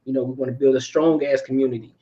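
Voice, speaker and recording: A young man co-hosting a podcast in a relaxed, friendly way, often repeating phrases as he thanks viewers. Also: mid-range voice, racing, lo-fi sound, a little hiss or hum. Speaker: podcast co-host. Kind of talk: casual chat.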